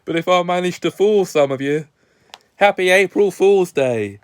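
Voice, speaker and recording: A British man casually reviews a film in a relaxed way. His voice is smooth and clear, a touch high for a man, and the recording is dry and close. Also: normal speed, no room sound. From Britain.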